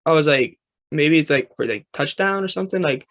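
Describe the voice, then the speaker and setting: A man's voice: a little high, lively intonation, fairly quick, a bit bright. A young man hosting a sports talk interview, chatty and rambling with lots of fillers. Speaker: sports talk show host. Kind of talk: casual interview chat.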